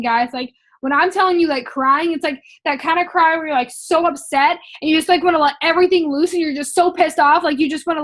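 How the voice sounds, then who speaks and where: A young woman talks straight to camera in a casual motivational vlog. Her voice sits very high. She is chatty and emphatic, leaning on "like" and "um" as she repeats points for emphasis. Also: fairly bright tone. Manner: chatty and emphatic, heavy use of "like" and "um". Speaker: vlogger sharing sales training notes.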